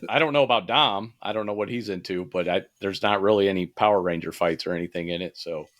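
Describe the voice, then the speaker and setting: Bright-voiced man ranting about movies. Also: sits low, fast talker. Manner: profane, animated movie recommending. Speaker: podcast co-host. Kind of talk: casual chat.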